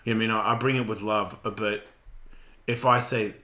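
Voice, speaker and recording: A man in his forties hosting a radio show, talking in a casual, blunt, profane and animated way. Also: on the low side, fairly quick. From Australia. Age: 40s. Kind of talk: casual chat.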